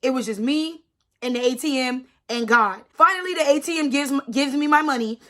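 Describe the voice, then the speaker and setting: A young woman in her twenties tells a personal story in a casual vlog, her high voice sharp-toned at a normal speed. She's emphatic, repeats herself, and says "like" constantly.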